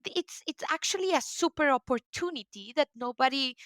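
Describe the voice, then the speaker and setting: A woman's voice: high-pitched, expressive, brisk, a bit bright, dry recording. A woman with a Spanish accent, a guest in an interview, telling her story with enthusiasm and many fillers. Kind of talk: casual interview talk.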